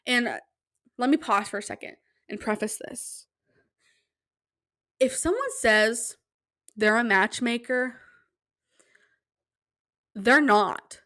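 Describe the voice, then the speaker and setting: A young woman hosting a casual solo podcast at home, telling stories in an animated, self-deprecating way and acting out quotes. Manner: animated, self-deprecating, acts out quotes with big pitch jumps. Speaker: podcast host. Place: home room, quiet at night.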